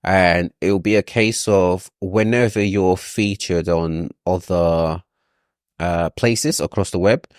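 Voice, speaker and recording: A man's voice: deep voice, fairly even intonation, takes it slowly, no echo, clean studio sound. A man advising a client on a video call, explaining patiently with frequent ums and restarts. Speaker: SEO consultant.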